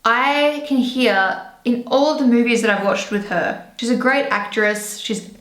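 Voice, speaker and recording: An Australian beauty vlogger, a young woman, chats casually while doing her makeup in a get-ready-with-me video, rambling and correcting herself. Her voice is on the high side, unhurried and fairly bright, recorded indoors in a room at home with roomy echo.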